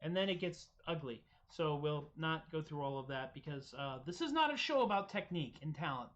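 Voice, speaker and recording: A man's voice: fairly high pitch, lively intonation, fairly quick. A man hosting a live-streamed music show, chatting casually and self-deprecatingly between songs, rambling loosely. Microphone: streaming setup microphone. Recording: dull lo-fi stream audio with loud guitar. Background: acoustic guitar playing.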